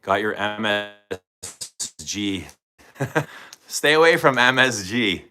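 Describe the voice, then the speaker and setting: A man with a lowish, bright voice hosts a casual live stream, chatting easily and thinking out loud. His pitch bounces around in an animated way as he talks straight to viewers by name. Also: takes it slowly, clean tone, soft background music. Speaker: livestream host reviewing fragrances.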